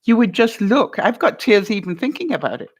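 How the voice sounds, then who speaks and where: A woman running an advice vlog walks a guest through a difficult conversation, her mid-pitched voice sing-song and fairly quick. Playful and encouraging, she laughs a lot and keeps checking in with "all right?" and "makes sense?"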